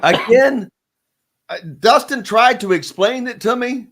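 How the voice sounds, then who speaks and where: A man's voice: very high-pitched, measured pace, fairly bright tone. A man from Indiana hosting a sports radio show, chatting casually and laughing between restarted sentences.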